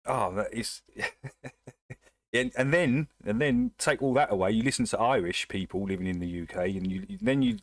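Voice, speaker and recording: Blunt Essex bloke chatting on a livestream. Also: male voice, on the low side, sing-song, normal speed, no echo. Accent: Essex / North London English. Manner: blunt, rambling, chatty with viewers. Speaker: livestream host. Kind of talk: casual livestream chat.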